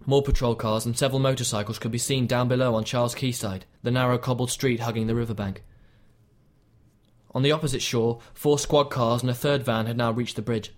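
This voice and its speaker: A man reading a novel aloud as an audiobook narrator, in a measured, even storytelling delivery. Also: mid-range voice. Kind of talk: scripted narration.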